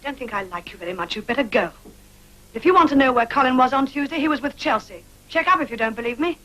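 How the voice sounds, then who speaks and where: An actress playing a guarded young fashion model. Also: female voice, medium pitch, lively intonation, a little fast, distant mic, natural voice, low-quality recording. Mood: indignant. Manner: reserved, hushed, then sharp. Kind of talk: 1950s film acting.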